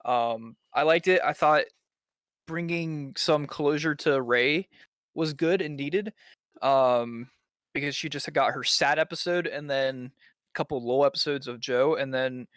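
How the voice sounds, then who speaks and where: A man's voice: mid-range voice, unhurried, fairly bright tone, no room sound, clean studio sound. A young man chatting casually on a podcast panel, rambling with lots of ums and restarts. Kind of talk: casual chat.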